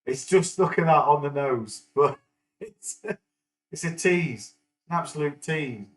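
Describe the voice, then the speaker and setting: A man's voice: on the high side, unhurried, poor audio. A middle-aged man from England, chatting casually on a live stream and rambling with many fillers and restarts. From northern England. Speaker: stock market livestream host.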